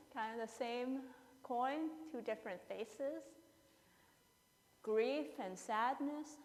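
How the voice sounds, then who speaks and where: A woman in her fifties preaches in a fairly high voice at an unhurried pace. She tells a story and acts out its people with playful asides. Her voice rings with the long reverb of a church sanctuary. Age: 50s. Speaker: pastor. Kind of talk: sermon.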